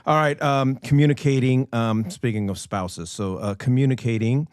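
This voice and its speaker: A man co-hosting a real estate podcast, talking casually with a halting, joking manner. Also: mid-range voice, clean tone, no room sound, studio quality. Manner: hesitant, lots of ums and restarts, joking.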